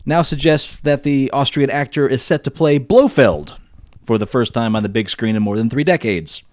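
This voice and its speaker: A man's voice: mid-range voice, a little mellow, dry recording, studio quality. A man co-hosting a podcast, chatting wryly and reading out news items. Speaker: podcast co-host.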